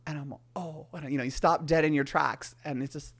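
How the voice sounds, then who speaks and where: Low-voiced woman telling lively stories. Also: fairly quick, few pauses. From San Francisco area. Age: 40s. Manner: animated storyteller who acts out family voices. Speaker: guest. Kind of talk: candid conversational storytelling.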